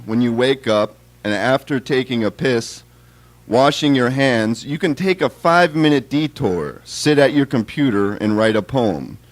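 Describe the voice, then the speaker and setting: A man giving a live reading of his own poems in a wry, deadpan, conversational way. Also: mid-range voice.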